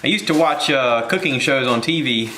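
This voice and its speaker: A man's voice: medium pitch, expressive, normal speed, bright, forceful tone, echoey room, a little hiss or hum. A man hosting a casual cooking video from his home kitchen, rambling and joking at his own expense. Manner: rambling, jokey, self-deprecating.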